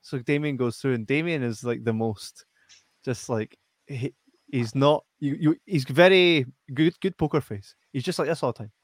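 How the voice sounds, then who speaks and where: A man's voice: mid-range voice, normal speed, no echo. A man with a Scottish accent hosting a casual live stream, reading out chat messages with lots of laughter and banter. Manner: banters, laughs often, swears.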